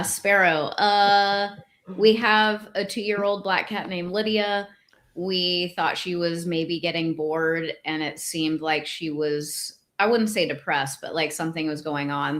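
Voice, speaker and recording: A woman's voice: sits low, fairly bright tone. A woman co-hosting a podcast, speaking frankly and casually, often filling her talk with "like" and "um". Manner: casual, frank, heavy on filler words. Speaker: podcast co-host. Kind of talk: casual chat.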